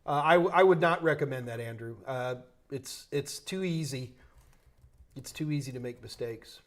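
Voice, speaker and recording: A man's voice: mid-range voice, moderate pace. A man with a New York accent hosting a live tech Q&A stream, talking loosely, joking and thinking aloud with restarts. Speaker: host answering tech questions.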